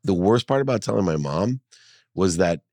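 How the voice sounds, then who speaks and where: A middle-aged man with a very low, deep voice tells a personal story in an interview, earnest and animated. The sound is dry and close, with no room echo. He leans into the emotion and pushes his points hard. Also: normal speed. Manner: earnest, animated, acts out his mother's voice in dialogue. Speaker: guest, entrepreneur and speaker.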